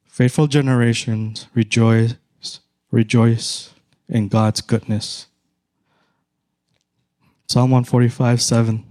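A middle-aged man with a Filipino accent, preaching a sermon in a measured, emphatic way with repeated phrases. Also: mid-range voice, level tone, a little mellow. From Philippines. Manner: slow, measured, emphatic repetition.

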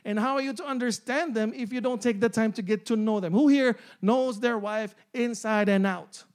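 A man's voice: extremely high pitch, moderate pace. A man in his forties preaching a sermon, often repeating phrases, asking the congregation "amen?" and "right?", and laughing along. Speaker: pastor.

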